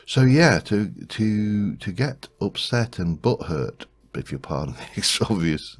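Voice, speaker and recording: A man's voice: on the low side, big pitch swings, slow pace. A man hosting a let's play, musing aloud in casual gameplay commentary, rambling with frequent restarts.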